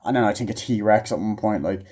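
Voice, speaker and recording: A man's voice: fairly low pitch, brisk, a little mellow. Swearing, rambling male movie reviewer. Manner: rambling, frequent swearing and fillers; acts out film lines in raised voice. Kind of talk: casual rant.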